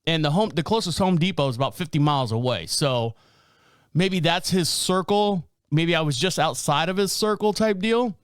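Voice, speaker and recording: A man in his fifties hosts a casual podcast, telling stories in a high voice that swings up and down. He laughs and curses along the way. The sound is close and dry. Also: moderate pace, smooth, no room sound. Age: 50s. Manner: animated, swears, laughs often. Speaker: podcast host. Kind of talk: casual storytelling chat.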